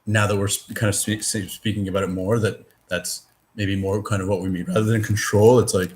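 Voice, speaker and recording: A man in casual conversation, talking in a rambling, halting way with many fillers and restarts, and swearing now and then. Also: lowish voice, level tone, darkish tone. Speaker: discussion participant.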